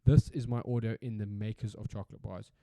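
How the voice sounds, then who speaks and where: A man's voice: on the low side, fairly even intonation, brisk, vocal fry, mellow, dry recording. A South African man hosting a solo podcast in a casual, rambling rant, swearing freely and repeating himself for emphasis. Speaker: podcast host.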